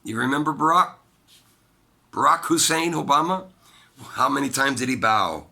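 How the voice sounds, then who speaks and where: Solo commentator, male, forceful and bright, rough fry in the voice, swings from loud emphasis to hushed asides. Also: expressive, normal speed. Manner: emphatic, swings between loud high bursts and low quiet asides. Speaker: political commentator. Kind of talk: solo opinion monologue.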